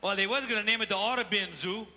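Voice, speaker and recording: A man's voice: high voice, fast, sharp tone. A man with a Cajun accent from Louisiana, telling stand-up stories and teasing the crowd on a large theater stage. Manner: chatty, playful, addresses the crowd. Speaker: stand-up comedian. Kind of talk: live stand-up storytelling. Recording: live theater reverb, faint hall noise.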